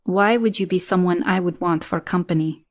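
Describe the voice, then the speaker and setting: A woman's voice: normal speed, natural voice. Woman voicing a sultry Eastern European temptress. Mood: coy. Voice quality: deep, sultry. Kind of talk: audiobook character reading.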